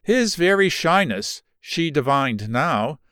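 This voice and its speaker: A man narrating a novel in an expressive, measured reading. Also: fairly high pitch, clear, resonant tone, no echo, clean studio sound. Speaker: audiobook narrator. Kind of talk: scripted narration.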